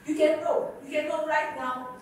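Woman pastor, emphatic call-and-response sermon; high voice, distant mic, very echoey church. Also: fairly even intonation, moderate pace, slight background noise. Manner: rising to emphatic preaching with repeated questions to the congregation. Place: church hall. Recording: echoey church hall from far off.

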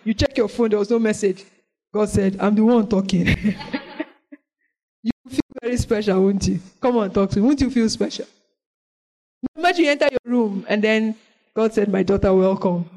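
A woman's sermon, heard in a low-quality recording, is animated, veering from loud exclamations to soft prayer-like lines. Her voice is on the high side.

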